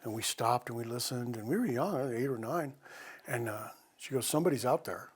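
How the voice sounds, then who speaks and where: A man's voice: mid-range voice, normal speed, breathy edge. A man telling holiday stories and reading poetry aloud, reflective and rambling, with restarts. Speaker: storyteller. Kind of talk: live storytelling and poetry reading.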